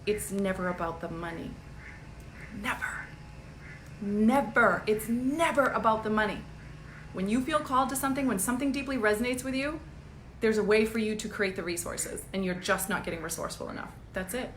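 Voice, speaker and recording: A woman business coach giving a casual live-streamed pep talk, energetic and blunt, laughing often and swearing casually. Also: fairly high pitch, fast talker, reverberant, a little hiss or hum.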